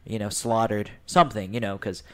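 A man's voice: lowish voice, steady tone, brisk. A man co-hosting a casual sports podcast, laid-back and full of fillers. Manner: laid-back, fond of fillers like "you know". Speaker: podcast co-host.

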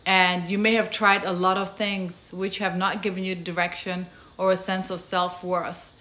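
A woman hosting a faith-based conversation, encouraging and gently persuasive. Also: on the low side, flat delivery, moderate pace. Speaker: host.

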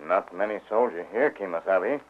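An actor playing a terse male sidekick who talks in clipped, broken English with low grunts, in an old radio drama. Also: expressive, moderate pace. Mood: steady. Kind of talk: 1930s radio drama acting. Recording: tinny old radio broadcast.

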